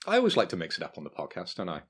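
A man's voice: sits low, huge pitch swings, very fast, breathy edge. A young man co-hosting a podcast, teasing his friend in a dry, ribbing manner. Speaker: podcast co-host. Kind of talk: casual chat.

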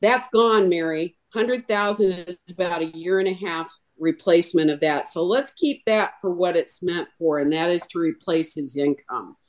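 A woman explaining her sales method in an animated way, acting out both sides of a client talk. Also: fairly low pitch, moderate pace, few pauses. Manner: animated, acts out clients' lines in a role-play. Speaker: insurance sales trainer. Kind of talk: instructional chat on a podcast.

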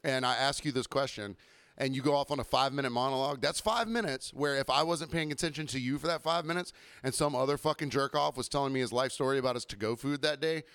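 A man in a casual podcast monologue, swearing freely and rambling with exasperation. His voice sits at an ordinary male pitch and stays smooth and clear. The recording is dry and close. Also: steady tone, fast talker, a bit bright, no room sound. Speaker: podcast host.

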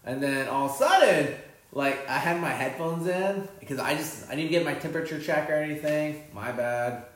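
A man's voice: a little high, moderate pace, fairly bright tone, a little hiss or hum. A man telling a rambling, profane story in casual chat, with lots of fillers and restarts. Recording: echoey room.

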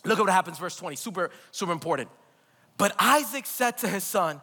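A man's voice: sits high, lively intonation, fairly quick, pushed and bright, slightly rough. A man preaching a live church sermon, emphatic and repetitive, calling out to the congregation. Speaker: pastor. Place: church sanctuary. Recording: long hall reverb.

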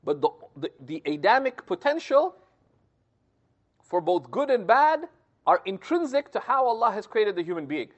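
A man's voice: sits high, sing-song, normal speed. A man teaching a scripture commentary lesson, explaining step by step and often checking in with "right?". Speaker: religious teacher.

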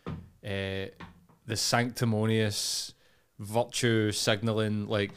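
A man's voice: fairly low pitch, little pitch movement, slow, clean tone. A Scottish man in blunt, sweary casual chat, ranting as a podcast co-host.

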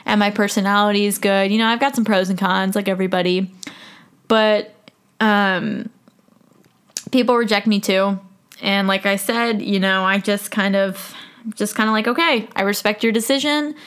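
Young woman, podcast host, candid, jokey, casual chat, medium pitch. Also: fairly even intonation, moderate pace, pauses often, a bit bright, smooth. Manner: frank, joking, laughs often. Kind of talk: casual solo podcast talk.

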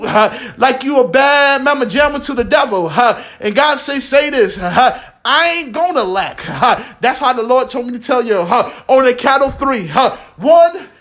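A man's voice: very high voice, a bit bright. A man delivering a fervent prophetic sermon, speaking in tongues, peppering his lines with "uh" and "huh," and often breaking into laughter. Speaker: prophetic preacher. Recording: echoey room.

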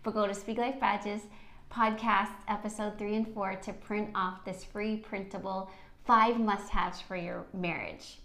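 A woman's voice: medium pitch, steady tone, measured pace. Encouraging middle-aged woman in an echoey room. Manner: warm, encouraging, affirming. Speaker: podcast co-host. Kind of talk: casual chat.

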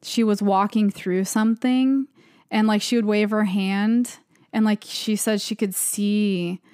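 A woman's voice: medium pitch, fairly even intonation, unhurried, dark tone, clear, resonant tone, no echo, studio quality. A young woman co-hosting a podcast, casually retelling creepy stories with lots of "like" fillers. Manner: rambling with frequent "like" fillers. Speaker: podcast co-host. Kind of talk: casual storytelling chat.

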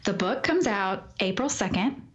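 A woman author speaking as a podcast guest in a soft, calm and soothing way. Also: medium pitch, normal speed. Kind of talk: conversational interview.

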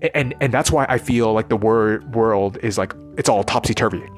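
A man's voice: lowish voice, moderate pace, faint music behind. A man giving a rambling, profane, intense unscripted monologue as a vlogger.

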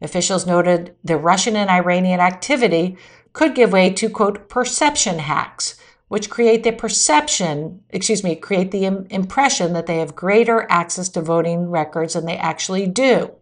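A woman's voice: on the low side, moderate pace. A woman hosting a news show, reading a weekly summary of events with quotes and adding short dry asides. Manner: reads quotes verbatim, adds brief dry asides; occasional self-corrections mid-sentence. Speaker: news podcast host.

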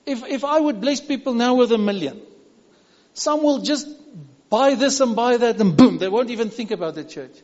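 A South African man preaches with a high, ringing voice, pressing his points over and over and sometimes sinking to a near whisper. The sound is muffled and dull, with a long echo from a large church hall. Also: animated, moderate pace. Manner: emphatic, repetitive preaching with sudden drops to a hush. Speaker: pastor. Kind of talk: sermon.

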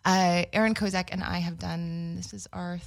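Low, gravelly-voiced woman telling stories. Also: level tone, normal speed. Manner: rambling storytelling with frequent laughs. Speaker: actor and co-producer. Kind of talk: casual podcast interview.

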